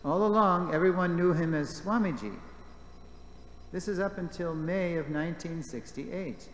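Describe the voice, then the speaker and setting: Male class presenter, animated storyteller, recorded in a reverberant hall. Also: fairly high pitch, moderate pace. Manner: animated storyteller, reads quotes aloud, jokes with the class. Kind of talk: reading aloud and commenting in a class. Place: temple hall. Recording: echoey hall with faint background noise.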